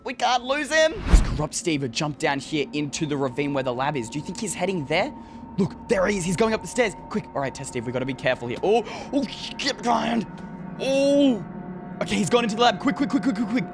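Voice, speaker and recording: A man narrating a survival game as he plays, excitable, often calling out to his viewers. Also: sits high, a little fast, over music. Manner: excitable, talks to viewers as "guys". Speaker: gaming video creator. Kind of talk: let's play commentary.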